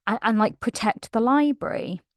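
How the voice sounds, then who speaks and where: A desperate young heroine pleads in an urgent rush, put on by a British woman retelling a book. Her voice sits fairly high, recorded dry and close. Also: moderate pace, no echo, close to an everyday voice. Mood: pleading.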